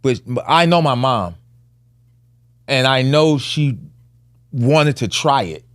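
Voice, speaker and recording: A man's voice: medium pitch, animated, slow pace, no room sound. Male podcast co-host, forties, earnest storyteller, mid-range voice, dry sound. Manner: earnest, emphatic, casual vernacular speech. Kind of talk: candid conversational storytelling.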